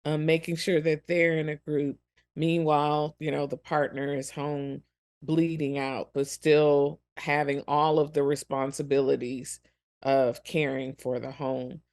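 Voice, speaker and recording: Earnest woman on a faith podcast, kinda gravelly voice, gentle. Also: low voice, level tone, measured pace. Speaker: podcast co-host. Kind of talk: reflective ministry podcast talk.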